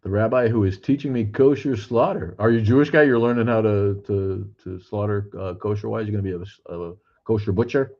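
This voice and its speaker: A man's voice: fairly low pitch, a little fast, hardly any pauses, dull audio. An older man hosting a livestream, reading chat and rambling bluntly with plenty of swearing. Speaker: livestream host. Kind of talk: casual livestream chat, reading comments aloud. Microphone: streaming cameras.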